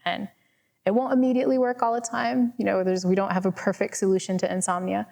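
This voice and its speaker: A woman's voice: medium pitch, level tone, fast, vocal fry, a little mellow. A woman professor answering an audience question in a casual, chatty way with many fillers, speaking to a live room on a microphone. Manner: chatty, self-deprecating, many "right?" and "like" fillers. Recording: reverberant hall.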